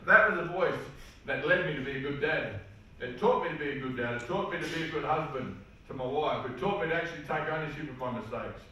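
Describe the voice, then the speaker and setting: A man's voice: on the high side, fast, bright, forceful tone. A man with an Australian accent speaking to a seminar audience, telling personal stories in an earnest, plain-spoken way full of slang. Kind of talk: personal testimony talk. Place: large hall. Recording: echoey hall, mic far off.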